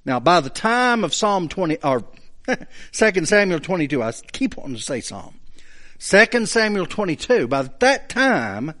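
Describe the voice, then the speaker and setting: Slow-talking preacher guy teaching scripture, really lively swings in his voice, leans hard on words. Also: sits high. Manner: slow, emphatic Bible teaching with rising bursts of emphasis; reads scripture aloud with drawn-out stress. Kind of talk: sermon.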